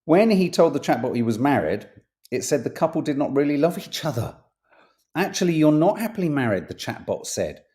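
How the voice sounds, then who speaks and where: A man's voice: on the high side, sing-song, brisk, mellow. A man hosting a casual podcast, reading tabloid stories aloud with playful emphasis and jokey asides, swearing now and then.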